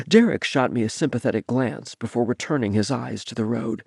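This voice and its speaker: A man narrating a first-person novel as an audiobook, reading in an expressive way. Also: mid-range voice, a little fast, gravelly, hardly any pauses, husky, no room sound, studio quality.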